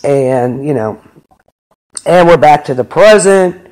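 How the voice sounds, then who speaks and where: Rambling podcast host man, slightly high. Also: expressive, slow, darkish tone. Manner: rambling, filler-heavy storytelling. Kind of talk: casual episode recap chat.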